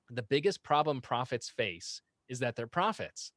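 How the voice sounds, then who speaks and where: Man, friar guest, animated, quick, laughs while talking, mid pitch, dry sound. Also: no room sound. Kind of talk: casual chat.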